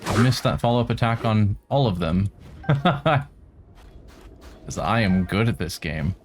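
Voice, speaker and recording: A man giving relaxed let's-play commentary, making wry asides and talking to the enemies on screen. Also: on the low side, unhurried. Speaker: game streamer.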